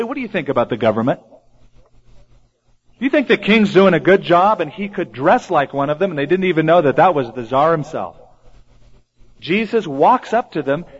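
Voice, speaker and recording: A man delivering a sermon, his fairly high voice rising and falling a great deal as he acts out the lines he quotes. The recording is dull and lo-fi. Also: slightly rough. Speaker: preacher.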